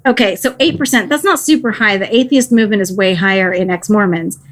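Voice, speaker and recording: A woman's voice: mid-range voice, quick pace. A woman chats loosely on a podcast. She is a bit tipsy, giggles often and lets her sentences trail off as she rambles. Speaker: podcast co-host. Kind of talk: casual chat.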